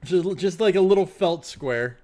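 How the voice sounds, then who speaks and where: His voice sits high and has a dark tone, with lively intonation at a normal pace. As host of a casual, playful chat, he talks in a morning voice and sometimes bursts into silly sung bits or an announcer voice.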